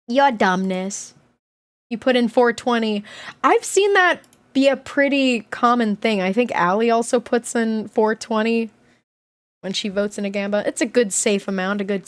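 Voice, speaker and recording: A woman streaming live from home, chatting casually with her viewers and breaking into loud, excited squeals. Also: on the high side, normal speed. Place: home room.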